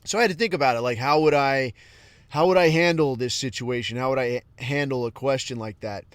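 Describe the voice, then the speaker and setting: A man's voice: medium pitch, brisk, no echo. A man hosting a podcast, talking in a casual, profane, rambling solo monologue that flares up into heated outbursts. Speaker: podcast host.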